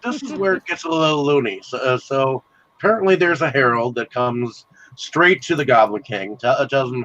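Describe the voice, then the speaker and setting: A man co-hosting a casual movie chat, talking haltingly with many fillers and restarts. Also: mid-range voice, a bit bright, no room sound, muffled recording. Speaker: podcast co-host.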